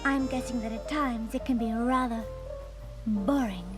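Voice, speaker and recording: A woman voicing a refined, theatrical female unicorn pony with a posh, drawn-out delivery, in a cartoon. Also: a little high, natural voice. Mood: inquisitive. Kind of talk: cartoon voice acting. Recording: cartoon clip with loud music.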